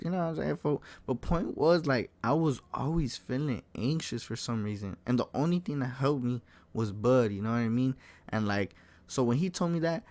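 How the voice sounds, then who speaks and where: A young man telling a story in a loose, slang-heavy, animated way, swearing freely and calling listeners folk and bro. His voice sits at an average pitch and sounds dry and close, with no room around it. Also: no echo. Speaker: vlogger. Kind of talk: casual storytime.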